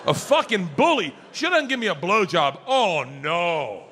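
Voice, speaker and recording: A man doing a stand-up comedy set on a stage, telling a story loudly, shouting punchlines and acting out the other voices. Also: high voice, sing-song, a little slow, slight background noise. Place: comedy stage before a live audience. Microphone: handheld stage mic.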